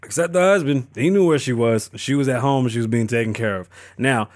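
A man's voice: medium pitch, brisk, no echo. A man hosting a podcast, riffing on news in a casual, profane, joking way. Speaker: podcast host. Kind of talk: casual commentary.

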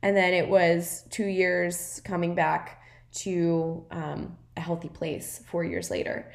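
A woman's voice: on the low side, takes it slowly. A woman hosting her podcast as a wellness coach, talking in a casual, earnest, encouraging way, with many "like"s and "right?" tags. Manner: chatty, filler-heavy, with frequent "like" and "right?" tags. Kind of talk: casual reflective monologue. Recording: roomy echo.

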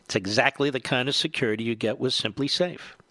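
A man's voice: medium pitch, fairly quick, pushed and bright, no echo. A man hosting a talk radio show, reading ads in an emphatic way while short of breath.

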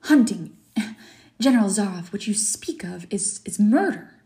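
A woman's voice: medium pitch, expressive, measured pace, dark tone. Fields: Woman reading as an indignant young hunter. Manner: earnest, stiff, protesting. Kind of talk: reading a story aloud.

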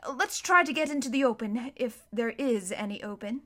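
A woman voicing a steady, level-headed eldest schoolboy in an audiobook reading. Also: fairly high pitch, moderate pace. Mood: calm.

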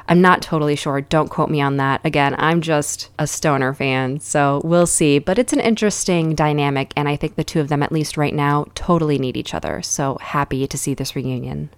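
A woman's voice: sits low, clean tone, no room sound. A woman hosting a podcast, recapping a reality show in a casual, sarcastic and profane way. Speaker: podcast host.

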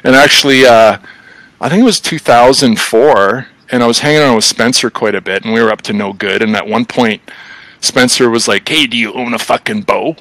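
A middle-aged man telling stories in casual chat, animated and full of swearing. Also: medium pitch, a little fast, no echo, poor audio. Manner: profane, animated storyteller. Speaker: podcast guest.

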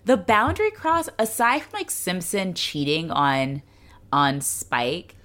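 A woman's voice: on the low side, slow. A woman co-hosting a podcast, recapping a TV show in blunt, casual chat with a lot of swearing. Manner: animated, blunt, swears freely. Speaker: podcast co-host.

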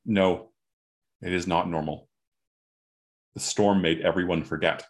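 A man's voice: low voice, fairly even intonation, unhurried. A man voicing a very tall, thin stranger in a top hat who answers in short, precise statements. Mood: terse. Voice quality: precise, clipped.

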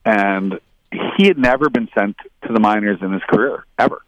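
Low-voiced man telling rambling hockey stories. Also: normal speed, no room sound, rough recording. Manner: rambling anecdotal, quotes others in higher voices. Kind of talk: casual storytelling.

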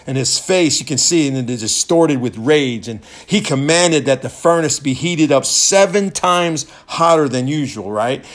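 A man in his fifties preaching a folksy sermon, retelling a story and laughing often, rising loud when excited. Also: mid-range voice.

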